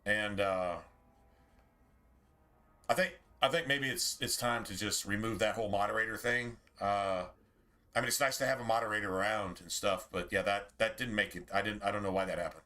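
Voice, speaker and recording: Speaking on the low side with a sharp tone and normal speed, a man rambles through casual chat while streaming a game. He swears freely and speaks straight to his viewers.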